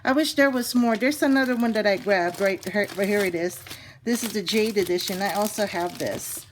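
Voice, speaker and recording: A woman from Hawaii chatting casually through a crafting haul, excited about bargains and using lots of fillers. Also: mid-range voice, normal speed, noisy background. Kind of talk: casual show-and-tell haul.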